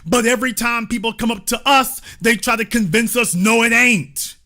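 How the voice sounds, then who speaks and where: A man's voice: extremely high pitch, steady tone, a little fast, pushed and bright. A man hosting his own show, giving an emphatic, preachy commentary monologue laced with sarcasm. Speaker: host.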